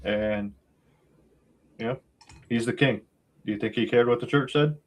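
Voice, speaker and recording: A man's voice: mid-range voice, normal speed. A man co-hosting a casual podcast, talking in a laid-back, rambling way with lots of fillers and a wry, sarcastic streak. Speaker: podcast co-host.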